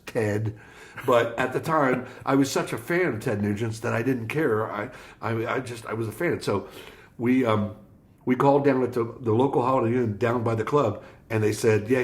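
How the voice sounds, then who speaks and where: On an interview podcast, a Florida-born musician recounts a story with animation, voicing each person's quoted lines. His voice is medium in pitch and his pace is moderate.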